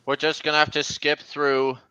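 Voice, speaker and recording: A man's voice: a little high, monotone, normal speed, bright, forceful tone, dull audio, a little hiss or hum. A man hosting a casual stream, chatting over video clips and pointing out details to his viewers. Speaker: stream host.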